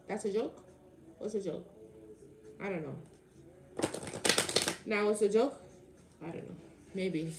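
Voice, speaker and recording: A woman on a casual livestream tarot reading, her voice gravelly with fry. She answers chat commenters with sarcasm and swears freely between cards. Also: fairly low pitch, background noise.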